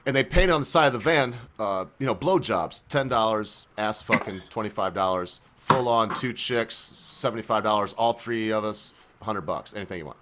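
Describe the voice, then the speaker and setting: A man hosting a casual online chat, telling crude jokes and laughing loudly. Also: on the low side, normal speed, hardly any pauses, slight background noise. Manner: loud laughing, lively storytelling. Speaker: host.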